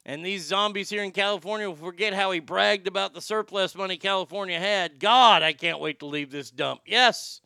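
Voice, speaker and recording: A man's voice: high-pitched, normal speed, gravelly, hardly any pauses, pushed and bright, smooth, dry recording, studio quality. A man hosting a show with sarcastic, profane ranting commentary and frequent stammered restarts. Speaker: podcast host.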